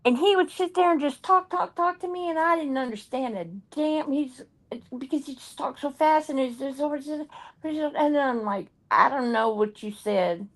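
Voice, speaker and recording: A woman's voice: high voice, normal speed. A woman chatting casually with a friend, telling stories and reading out search results. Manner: chatty storyteller, reads aloud from the web. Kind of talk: casual chat.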